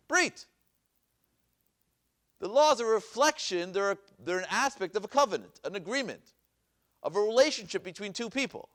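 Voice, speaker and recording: A man's voice: high voice, big pitch swings, moderate pace, long pauses. A man teaching a Bible class as a rabbi, reading verses aloud and asking his listeners questions. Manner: asks questions and repeats them, reads Hebrew verses aloud. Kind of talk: classroom lecture with questions to the audience. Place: synagogue classroom.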